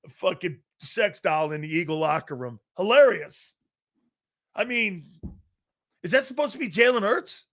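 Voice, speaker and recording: A man's voice: high voice, expressive, normal speed, a bit bright. A man hosting a live sports talk show, delivering blunt, profane, mocking opinions and predictions.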